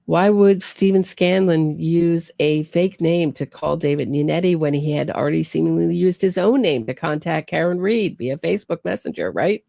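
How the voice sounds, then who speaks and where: Sarcastic true crime host with a creaky voice. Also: female voice, low voice, normal speed, hardly any pauses, dark tone, dry recording, clean studio sound. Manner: sarcastic, incredulous, asks pointed questions.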